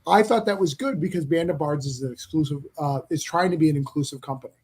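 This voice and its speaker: A man's voice: fairly high pitch, fast talker, a little mellow, breathy edge. A man as a podcast guest, chatting casually and explaining things carefully, with frequent stammers and restarts. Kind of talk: casual chat.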